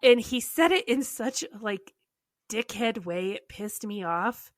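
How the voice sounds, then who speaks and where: A woman from the United States, hosting a podcast and telling a story in a casual, animated, exasperated way with many "like"s. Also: a little high, slow pace, no room sound, studio quality. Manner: animated storytelling, heavy use of "like". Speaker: podcast host. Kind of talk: casual chat.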